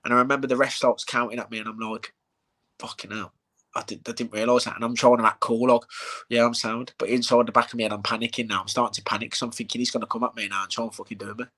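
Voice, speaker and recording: A man's voice: mid-range voice, rapid-fire, few pauses. A man, a bare-knuckle fighter, telling stories in a casual live-stream chat, swearing freely and acting out the lines of people in them. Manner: animated storyteller, heavy swearing, acts out quotes.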